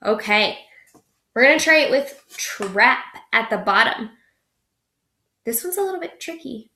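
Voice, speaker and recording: Brief: young woman teacher, phonics lesson, slightly high voice, slow and patient, echoey classroom. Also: expressive, bright, forceful tone. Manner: slow, encouraging, stretches out sounds.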